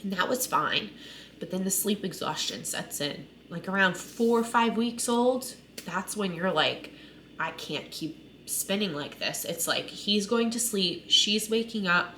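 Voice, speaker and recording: A woman's voice: mid-range voice, expressive, unhurried, sharp tone, slight background noise. A woman in her thirties talking candidly to camera, emotional and conversational, often saying "like" and "right?". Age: 30s. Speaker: mother sharing her story. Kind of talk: personal vlog monologue.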